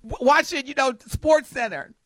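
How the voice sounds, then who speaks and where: A woman co-hosting a casual radio talk show, animated and quick to laugh as she reads listener messages aloud. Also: high voice, no room sound. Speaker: radio co-host.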